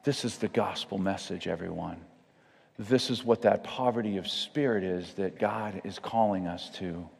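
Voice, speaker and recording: A man preaching to a large congregation, guiding a slow, soothing imagined journey that swells into heartfelt pleading. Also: low voice, creaky, darkish tone, breathy edge. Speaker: pastor. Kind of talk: guided meditation sermon. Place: large church hall. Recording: long hall reverb.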